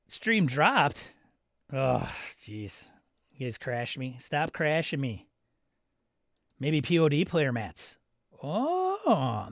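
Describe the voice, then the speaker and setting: Man, stream host, casual chat, mid pitch, dry close sound, rambling and reactive. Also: no echo. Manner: chatty, self-interrupting, reacts aloud to tech trouble. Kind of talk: live stream chat reading viewer comments.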